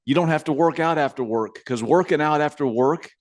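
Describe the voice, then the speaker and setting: A man co-hosting a podcast in casual banter, rambling and animated, repeating himself as he tells stories and reads listener emails. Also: a little high, brisk, no echo, studio quality. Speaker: podcast co-host.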